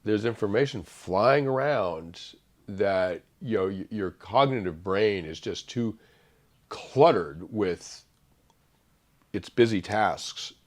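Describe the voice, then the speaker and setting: A middle-aged man speaking as an interview guest, thoughtful and halting, with many fillers and restarts. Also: on the low side, expressive. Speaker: author guest. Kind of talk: reflective interview conversation.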